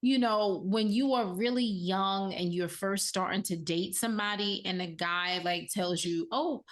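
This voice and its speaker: A woman's voice: medium pitch, unhurried. Incredulous woman, casual podcast chat. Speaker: podcast co-host.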